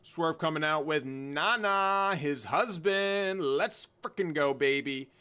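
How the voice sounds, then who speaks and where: A man's voice: on the high side, slow, bright, forceful tone, clean tone. A young man hosting a live wrestling watch-along, rambling and joking while he reads and answers chat by name. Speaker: livestream host reacting to wrestling.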